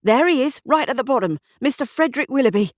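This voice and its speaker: A woman puts on a keyed-up young police constable for an audiobook. He calls out high and loud, bursting with urgency, his voice leaping about as he hammers on doors. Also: lively intonation, fast talker, dry recording, clean studio sound. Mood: urgent shouting. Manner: urgent, shouting.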